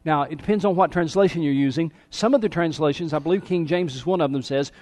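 A middle-aged male pastor preaching a sermon, swinging between emphatic raised calls and soft, quiet lines. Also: a little high, fairly quick.

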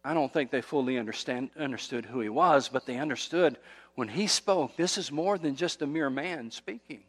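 A man's voice: medium pitch, moderate pace, a bit bright. A male pastor delivering a sermon, emphatic and repetitive, building intensity as he preaches. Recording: long hall reverb.

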